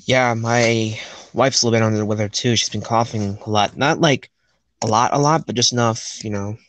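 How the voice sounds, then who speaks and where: A man's voice: lowish voice, fairly even intonation, brisk, a bit bright, dry recording. A man drawing on a live stream, chatting casually and thinking aloud in an easygoing, plain-spoken way.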